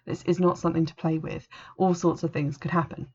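A woman's voice: sits low, flat delivery, a little fast, dark tone, husky. A woman voicing Annie, a cautious teenage girl who knows witchcraft, speaking with warning and reluctance. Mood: wary. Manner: warning, reluctant, a bit superior. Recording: dull lo-fi recording.

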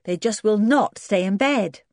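A woman's voice: mid-range voice, unhurried, a little mellow, no echo, clean studio sound, voice pushed up, lightly acted. A woman reading an audiobook and voicing a kindly, fussy farmer's wife with a motherly manner.

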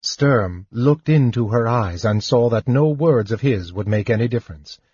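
A man narrating a fantasy audiobook in a slow, measured way. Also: mid-range voice, lively intonation, darkish tone, husky, dry recording, dull audio. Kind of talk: scripted narration.

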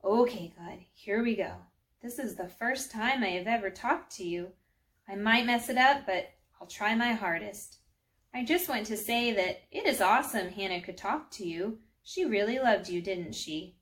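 A woman's voice: mid-range voice, moderate pace, fairly bright tone, lightly acted. A woman voicing a young schoolgirl who prays in an earnest, hesitant way, in a storybook reading.

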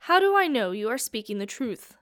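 Young man, frightened yet defiant, loud and tense, read by a woman. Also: on the high side, very animated, a little fast, no room sound, studio quality.

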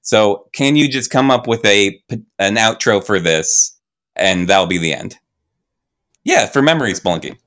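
Rambling, halting podcast host man. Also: lowish voice, animated, fairly bright tone. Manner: rambling, halting, laughs often. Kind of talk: casual chat.

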